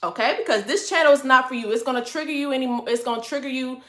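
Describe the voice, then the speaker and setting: A woman on a livestream scolding her viewers in a deliberately calm, sassy voice, calling them "honey" over and over. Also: high voice, echoey room. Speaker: livestream host.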